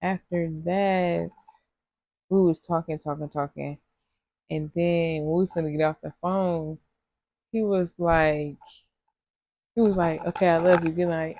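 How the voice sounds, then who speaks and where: Young woman, casual storytime vlog, rambling slangy chat, low-pitched voice, faint background noise. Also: measured pace, darkish tone. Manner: chatty, rambling, laughs often, loose slangy talk. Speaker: vlogger.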